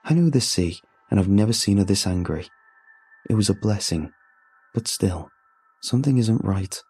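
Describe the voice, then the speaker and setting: A man voicing a shaken older fisherman who talks slowly and dazedly, in a spoken horror story. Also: fairly low pitch, animated, a little mellow, husky, no room sound. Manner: slow, dazed. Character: weathered older male fisherman, shaken veteran of the sea.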